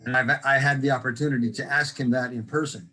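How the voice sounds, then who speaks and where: A man's voice: mid-range voice, steady tone, fast talker, pushed and bright, poor audio. A man reminiscing casually on a video call. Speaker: meeting participant. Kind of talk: casual Zoom talk.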